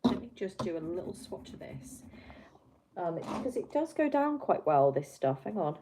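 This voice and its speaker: Woman host, lowish voice, rambling self-mocking livestream chat, faint background hiss. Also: very animated, moderate pace, warm tone. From Wiltshire, England. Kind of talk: casual livestream chat while swatching pencils.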